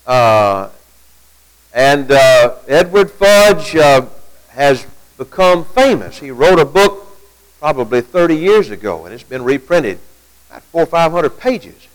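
Animated high-pitched man preaching a sermon. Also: slow pace, poor audio. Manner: animated preaching, rhetorical questions, reads quotes aloud. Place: church gathering at night.

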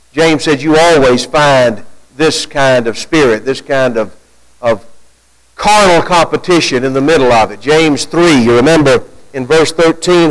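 A man preaches a sermon in a conversational style, posing rhetorical questions and rising in pitch and volume whenever he quotes scripture. The recording sounds rough.

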